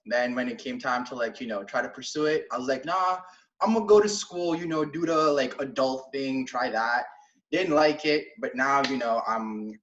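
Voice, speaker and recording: A man's voice: medium pitch, fairly bright tone, slight background noise. A young man in a wrestling class talks eagerly, rambling through fillers as he introduces himself. He sits back from the mic in an echoey room. The call audio is distant and dull. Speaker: student. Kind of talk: casual self-introduction.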